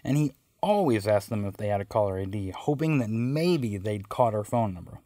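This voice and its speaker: A man's voice: fairly low pitch, expressive, normal speed, warm tone, no echo, clean studio sound. A man narrating a personal story in a wry, conversational way.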